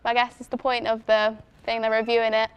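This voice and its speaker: A woman co-hosts a charity stream, giving her opinions in a measured way with hesitant fillers. Her voice is fairly high, smooth and clear, held to a flat, even pitch. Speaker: stream co-host. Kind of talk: casual chat.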